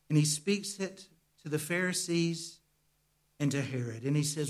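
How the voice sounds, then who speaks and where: High-voiced man preaching a lively sermon. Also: a little slow, long pauses. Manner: animated, calls for responses from the congregation; stumbles and repeats words, conversational. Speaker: pastor.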